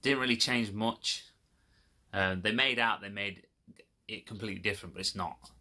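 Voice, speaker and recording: A man's voice: fairly low pitch, moderate pace, sharp tone. A man telling a rambling, swearing, exasperated story to his viewers in a casual vlog. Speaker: video creator. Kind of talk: casual rant to camera.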